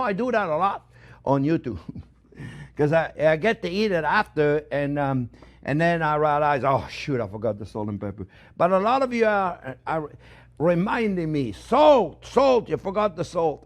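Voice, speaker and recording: High-voiced man, joking cooking host. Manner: chatty and joking, checks in with "okay?" often; talks straight to viewers, calling them friends. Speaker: cooking show host, chef. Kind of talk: cooking demonstration.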